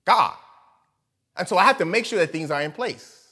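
A man preaching a sermon, animated, moving between loud emphatic lines and soft asides, often laughing. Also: high-pitched, normal speed, slightly rough. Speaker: pastor.

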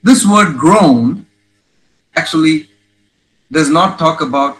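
A man's voice: a little high, animated, slow, a bit bright, low-quality recording. A man preaching a sermon, reading scripture aloud and asking his listeners rhetorical questions. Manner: emphatic, rhetorical questions, acts out quotes.

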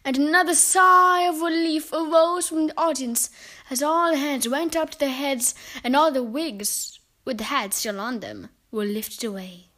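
A woman reading a children's story aloud in an expressive, dramatic way. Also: high voice, measured pace.

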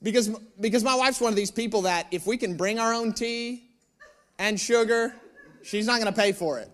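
A male pastor preaching, telling a personal story in an animated, self-mocking way with asides to the room. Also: sits high, moderate pace.

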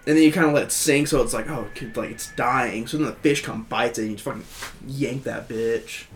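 A man's voice: medium pitch, fairly quick, a little hiss or hum. A man co-hosting a casual podcast, talking loosely with lots of filler words and swearing. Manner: animated, profane, many fillers. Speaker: podcast co-host.

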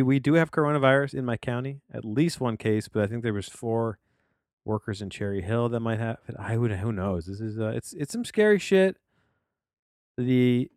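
A man's voice: mid-range voice, no echo. A middle-aged man hosting a solo movie review podcast from his home office studio, rambling off on jokey tangents. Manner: digressive, jokey, trailing off into tangents.

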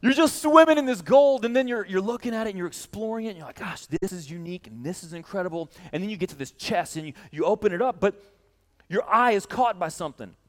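A man preaching a sermon to a congregation, telling a story with lively energy and addressing his listeners directly. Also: high voice, fast talker, in a large hall. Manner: animated storytelling, speaking straight to the congregation. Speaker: pastor. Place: church hall.

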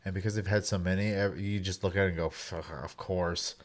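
A man's voice: deep voice, level tone, racing. A man co-hosting a casual games chat, dropping dry, wry remarks and swearing casually. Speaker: podcast co-host.

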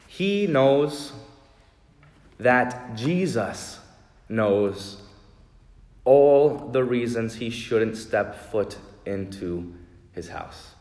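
A male pastor preaches with earnest conviction, slowing and softening his voice to press a point home. His voice is mid-pitched. The sound is roomy, with a long church reverb trailing each phrase. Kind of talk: sermon.

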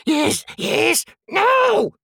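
A man's voice: extremely high pitch, lively intonation, takes it slowly, creaky, a bit bright, no room sound, studio quality, pitched above the performer's own voice, exaggerated voice. A man reading aloud and voicing a wretched, tormented creature that hisses, whines and sobs. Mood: shrieking. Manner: shrieking, sobbing, hissing.

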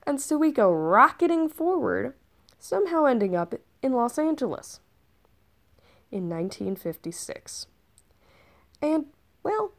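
Woman, high-ish, very animated intonation; casual in-character storyteller, rambling and sarcastic. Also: takes it slowly. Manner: chatty and rambling, with sarcastic asides. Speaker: time-traveler storyteller.

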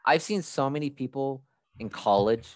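A man's voice: medium pitch, animated, normal speed, dry recording. A young man co-hosting a casual movie podcast, blunt and profane, rambling through opinions. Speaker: podcast co-host.

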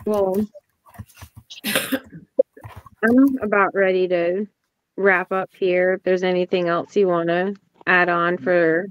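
A woman's voice: fairly low pitch, fairly even intonation, slow, long pauses. A woman hosting a podcast interview, giving brief, encouraging reactions. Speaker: podcast host. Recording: dull lo-fi audio.

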